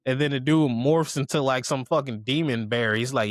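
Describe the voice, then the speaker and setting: Lively man retelling an episode. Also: mid-range voice, moderate pace, no echo. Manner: animated retelling, acting out characters' lines, profane slang. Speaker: podcast co-host. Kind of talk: casual anime recap chat.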